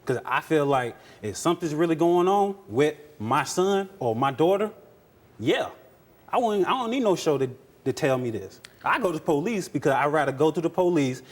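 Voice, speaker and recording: A man's voice: a little high, expressive, moderate pace. A man who is a guest on a talk show, speaking in an earnest, wounded way and repeating himself. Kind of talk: emotional talk show testimony.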